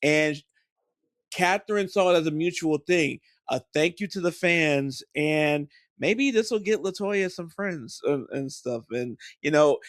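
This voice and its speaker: Animated, higher-voiced podcast host. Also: male voice, measured pace, no echo, studio quality. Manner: animated, enthusiastic, many restarts. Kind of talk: casual chat.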